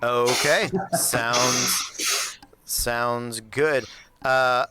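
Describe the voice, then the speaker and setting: A man running a tabletop game as game master, speaking in a halting, easygoing way. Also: mid-range voice, steady tone, very noisy.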